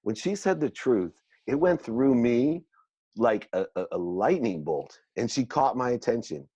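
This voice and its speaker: A middle-aged man, a guest on an interview show, telling his life story in an animated, self-mocking way and acting out the dialogue. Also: mid-range voice, measured pace, husky, no room sound. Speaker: guest entrepreneur. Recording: dull lo-fi dry sound.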